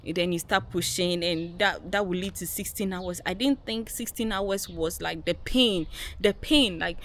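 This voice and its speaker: Emphatic woman vlogger telling her story. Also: lowish voice. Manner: emphatic, repeats key words, addresses viewers as guys. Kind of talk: personal storytelling to camera.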